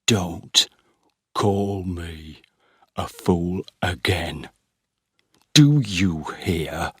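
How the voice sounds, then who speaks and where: A man voicing a heavy, sullen young farmer who speaks slowly and heavily. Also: low-pitched, lively intonation, breathy edge, dry recording, studio quality, full character voice. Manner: heavy and slow, then shouting.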